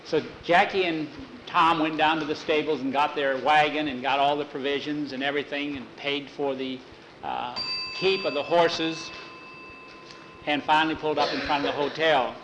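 A man's voice: on the high side, fairly even intonation, moderate pace, background noise. A man telling a homespun story aloud, rambling with fillers and doing the voices himself. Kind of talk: unscripted oral storytelling.

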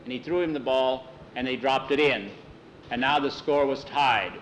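A man's voice: medium pitch, moderate pace, a little hiss or hum, low-quality recording. Folksy man telling a story. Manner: folksy, animated, lots of "he said". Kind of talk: told story narration.

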